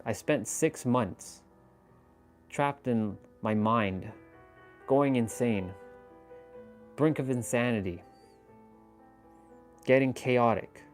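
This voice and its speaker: Man, live-stream motivational talk, middle pitch, intense and preachy, faint music behind. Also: extremely slow, pauses often. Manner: preachy, intense, casual with swearing.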